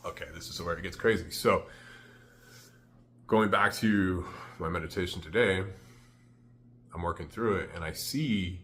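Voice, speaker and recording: A man's voice: low-pitched, unhurried, long pauses, fairly bright tone. A man telling a candid, rambling personal story to the camera, full of "like" fillers. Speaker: vlogger.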